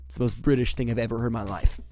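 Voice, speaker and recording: A young man with a cold-clogged nose hosts his own video chat show. He rambles casually and goofily at an ordinary pitch, with a stuffed-up sound throughout. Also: fairly even intonation, racing, mellow, faint music behind. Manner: goofy, slips into silly put-on voices. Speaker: vlog host.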